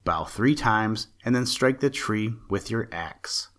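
A man voicing a kindly magical male mannequin who gives slow, measured instructions in a storybook tale. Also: fairly low pitch, expressive, fairly bright tone. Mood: instructing.

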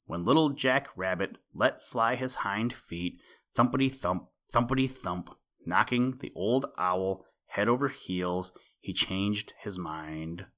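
A man reading a children's story aloud as the podcast host, gentle and unhurried, with rhyming asides. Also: deep voice, expressive. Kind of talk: storybook read-aloud narration.

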